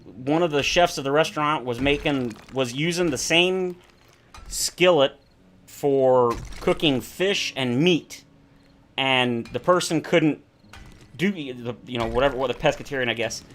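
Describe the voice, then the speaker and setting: A man's voice: mid-range voice, unhurried, a bit bright, a little hiss or hum. A man streaming a survival game, chatting casually in rambling, self-correcting tangents. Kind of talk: casual chat while playing a survival game.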